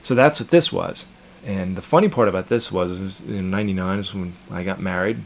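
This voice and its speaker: A man's voice: deep voice, fairly quick, slight background noise. A man in his thirties, a cartoon creator casually chatting in an interview, rambling and repeating his words with chuckles.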